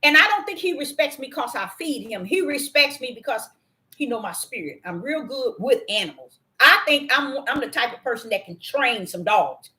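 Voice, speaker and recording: An older woman hosting a casual talk, telling a story in an animated, emphatic way and speaking directly to her listeners. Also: a little high, moderate pace. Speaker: host.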